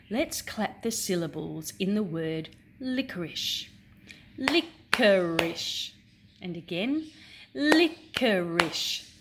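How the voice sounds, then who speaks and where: Slow, low-voiced woman reading a children's story. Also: noisy background. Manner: slow, clear and teacherly, pausing for clapping syllables and questions. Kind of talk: reading a picture book aloud to children.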